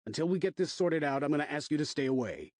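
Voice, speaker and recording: A man voicing a big, authoritative male resident advisor who speaks firmly and commands calm. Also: on the high side, fast, no room sound, studio quality, lightly acted. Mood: commanding. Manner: firm, commanding.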